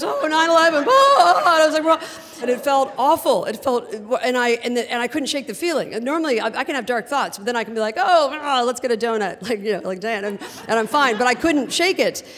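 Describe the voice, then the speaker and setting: A woman telling a personal story on stage in an animated, humorous way, often laughing as she talks. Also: on the high side. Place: theater stage before a live audience. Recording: long theater reverb.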